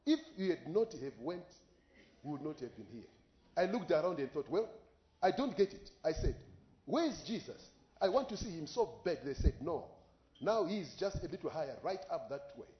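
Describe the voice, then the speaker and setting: A man preaches in a fairly high voice, telling his story with passion and crying out on the exclamations. The recording is dull and lo-fi, and his words ring in a roomy echo. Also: very animated, normal speed. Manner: impassioned storytelling, voice rising in exclamations. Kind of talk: sermon with live interpretation.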